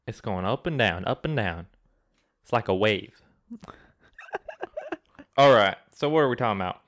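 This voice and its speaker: A man's voice: on the low side, expressive, fairly quick, fairly bright tone. Man mock-ranting in a put-on Southern accent. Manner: mock-ranting, over-the-top satirical persona. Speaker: podcast host. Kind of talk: casual comedic podcast chat. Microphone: close podcast mic.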